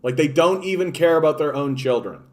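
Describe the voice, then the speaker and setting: In an unscripted political rant on a livestream, a man speaks impassioned, repetitive, and full of swearing. His pitch is fairly high, and he talks a little fast.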